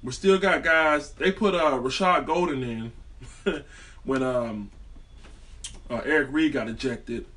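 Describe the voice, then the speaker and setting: A man's voice: mid-range voice, takes it slowly, pauses often, fairly bright tone, recorded from a distance. A man delivering a heated, profane, rambling sports rant as a fan vlogger.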